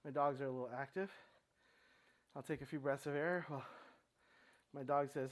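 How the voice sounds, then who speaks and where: A middle-aged man at home, talking himself through a core workout with halting restarts and breathless pauses between sets. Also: medium pitch, steady tone. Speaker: fitness vlogger. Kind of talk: casual workout narration. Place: home room with his dogs.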